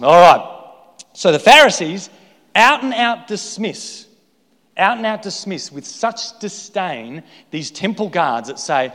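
A male pastor delivers an animated, emphatic sermon and keeps throwing rhetorical questions at the congregation. His voice is fairly high and swings widely in pitch. The recording carries the long reverb of a large church hall. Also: takes it slowly.

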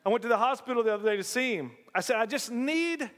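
Pastor preaching folksy in a hall. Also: male voice, high voice, very fast. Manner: folksy, animated preaching with call-and-response. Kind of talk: sermon. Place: church sanctuary.

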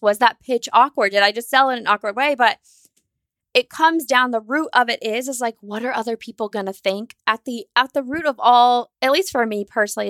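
A woman hosting a solo podcast, talking fast and fired up, candid and casual, with some swearing. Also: medium pitch, creaky, fairly bright tone, no room sound, clean studio sound. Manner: acts out her own anxious inner voice. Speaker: podcast host.

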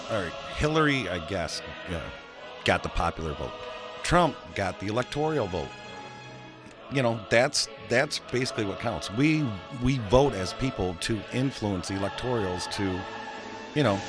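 A man's voice: lowish voice, expressive, normal speed, music in the background. A man in casual political chat, rambling and emphatic, swearing freely.

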